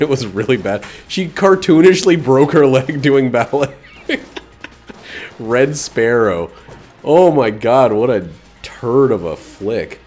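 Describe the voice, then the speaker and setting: A man casually commenting while he streams a video game, rambling, joking and breaking into excited outbursts. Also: mid-range voice. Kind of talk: casual let's-play commentary.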